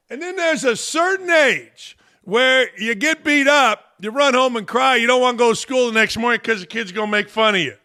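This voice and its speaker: Man, sports talk host, high voice, bright and sharp, blunt emphatic rant. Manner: blunt, emphatic, rising into shouts.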